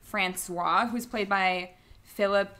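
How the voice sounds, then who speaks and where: A woman's voice: mid-range voice, steady tone, takes it slowly, bright, forceful tone. A woman co-hosting a theatre podcast, chatting enthusiastically about a musical. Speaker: podcast co-host. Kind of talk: casual chat.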